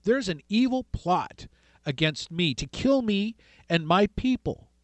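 A man's voice: high voice, animated, a little slow, no room sound. A man voicing an ancient queen, speaking earnestly, close to his own voice.

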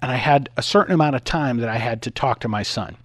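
Clean studio audio with no room sound carries this middle-aged talk radio host's fast, mid-range voice. He delivers a storytelling monologue with animation, performing the characters' voices in each anecdote.

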